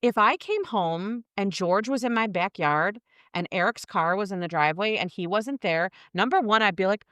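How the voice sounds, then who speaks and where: A woman's voice: mid-range voice, normal speed, fairly bright tone, no room sound, clean studio sound. A woman in her thirties co-hosting a casual true-crime podcast, telling the story bluntly with lots of swearing. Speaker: podcast co-host.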